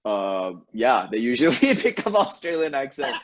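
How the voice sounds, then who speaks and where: A man with a mid-pitched voice chats as a guest comedian, relaxed and a bit hesitant, laughing often. the sound is dull and lo-fi. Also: moderate pace. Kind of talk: casual interview chat.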